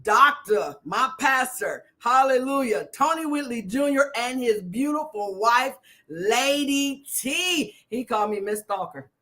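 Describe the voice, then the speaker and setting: Excitable woman minister with a bright voice. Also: fairly high pitch, a little slow. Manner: excitable, repeats herself, greets viewers by name. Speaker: minister hosting a live stream. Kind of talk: casual live-stream chat.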